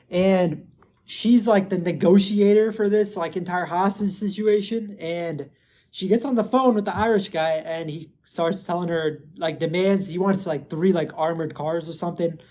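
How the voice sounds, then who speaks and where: A man casually recapping a TV episode, rambling with lots of filler words and swearing. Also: high-pitched. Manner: gets excited and loud when hyping. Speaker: show recap host.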